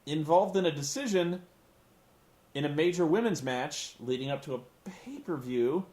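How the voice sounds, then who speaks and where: Sarcastic high-voiced man ranting, roomy sound. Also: moderate pace. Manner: sarcastic, animated, swearing. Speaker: wrestling show reviewer. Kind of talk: comedic recap rant.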